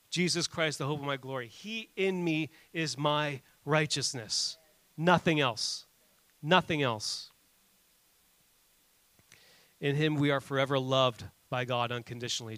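A man in his thirties preaching a sermon, earnest and animated, telling family stories between points with frequent restarts. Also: mid-range voice, smooth, no room sound. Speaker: pastor.

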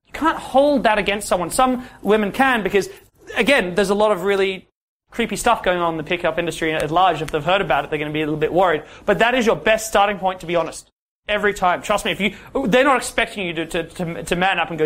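A man's voice: sits high, quick pace, fairly bright tone. A man teaching a dating workshop, talking straight to the room and often checking in with "yeah?". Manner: direct, asks the room questions, ends points with "yeah?". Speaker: dating coach. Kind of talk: workshop talk to a class.

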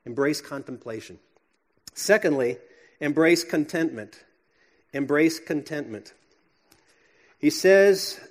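Earnest preaching man, fairly high voice. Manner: earnest preaching with shifts from hushed to emphatic. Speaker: pastor. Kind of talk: sermon.

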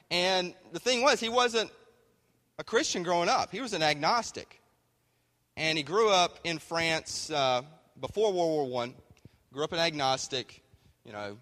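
A man's voice: medium pitch, pushed and bright. A man preaching a sermon in a folksy, conversational way. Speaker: pastor. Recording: hall reverb.

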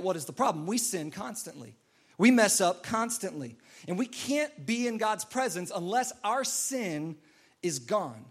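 A male pastor delivering a sermon, earnest and repeating key phrases for emphasis. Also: sits high.

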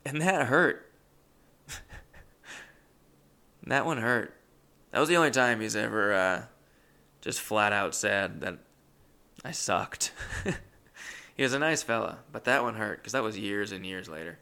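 Young male comedian, gravelly and bright, rambling self-deprecating storyteller. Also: on the low side, animated, a little slow, long pauses. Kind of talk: comic storytelling.

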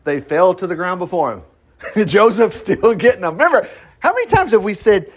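Guy reading bible story, high voice, keeps breaking in with jokes and laughs. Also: fairly quick. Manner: animated, chatty asides, laughs often. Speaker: Bible teacher. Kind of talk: reading scripture with commentary.

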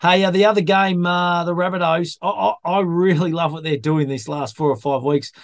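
A chatty Australian man hosts a casual sports chat, his voice sitting a little high. He tells yarns and calls everyone mate. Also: steady tone, moderate pace, no echo. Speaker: podcast host.

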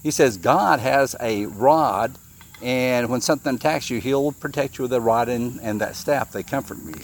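A man's voice: medium pitch, normal speed, slight background noise. Man preaching a casual sermon. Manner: conversational, questions the audience, repeats words. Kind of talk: informal sermon with scripture reading.

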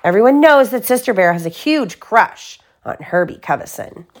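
A woman's voice: a little high, expressive, normal speed, pitched above the performer's own voice, natural voice. Woman doing teasing big-brother bear cub. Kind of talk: children's storybook read-aloud.

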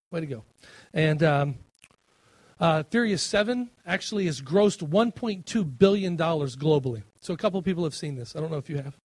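A middle-aged man preaches a sermon with a fairly high voice. He swells with passion when quoting scripture, then eases into a casual, filler-laced way of talking. The sound is dry and close. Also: dry recording. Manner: impassioned, rising in pitch and volume on scripture, with fillers and restarts. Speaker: pastor.

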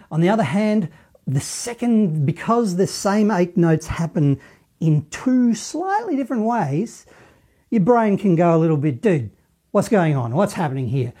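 A man's voice: a little high, dark tone. A man with an Australian accent teaching saxophone, chatty and encouraging, with some self-deprecating humor. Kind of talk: play-along music lesson.

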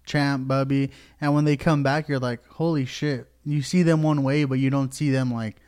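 A man's voice: mid-range voice, flat delivery, moderate pace, a little mellow, clean tone. A man co-hosts a casual podcast with an ordinary mid-range voice. He sounds laid-back and easygoing. He swears freely as he chats. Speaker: podcast co-host. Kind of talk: casual chat.

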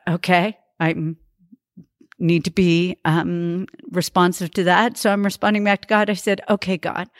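A woman's voice: medium pitch, no room sound, clean studio sound. Earnest woman telling a faith story. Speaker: podcast guest.

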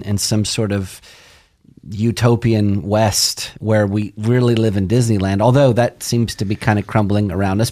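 A man, a pastor, reading a psalm aloud in a measured, solemn way and joining the discussion. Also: lowish voice, darkish tone.

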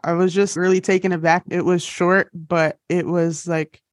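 A woman's voice: lowish voice, little pitch movement, normal speed, no room sound, clean studio sound. A young woman hosting a podcast in casual chat, bubbly and laughing at her own jokes. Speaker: podcast host.

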